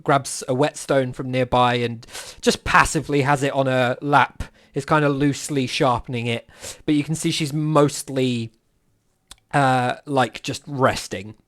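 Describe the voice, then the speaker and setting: A man's voice: medium pitch, steady tone, moderate pace, fairly bright tone. A man narrating a tabletop game as game master, often laughing and slipping into character voices.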